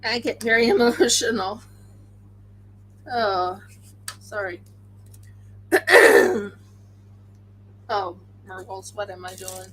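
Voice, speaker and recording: A tired woman hosting a crafting livestream, chatting casually and excitably, often talking to herself as she works. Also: mid-range voice, extremely slow, long pauses, slight background noise, poor audio. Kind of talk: casual chat while crafting.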